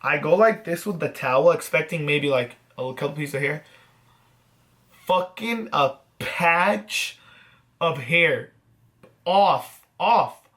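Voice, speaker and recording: Animated man telling a story. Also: a little high, slow, pauses often. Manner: animated, self-mocking, swears freely. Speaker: vlogger host. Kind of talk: casual storytelling to camera.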